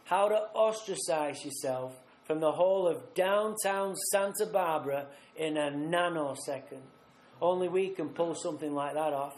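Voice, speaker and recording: A man speaking at a recovery retreat, telling his own story bluntly and vividly, acting out scenes with rough language. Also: on the high side, normal speed, slight background noise. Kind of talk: personal recovery story told live. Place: retreat meeting room. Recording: roomy live talk recording.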